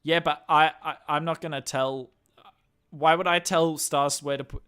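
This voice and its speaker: An Australian man chatting casually on a live game stream, answering viewers' questions and thinking out loud. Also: fairly high pitch, steady tone, normal speed, smooth.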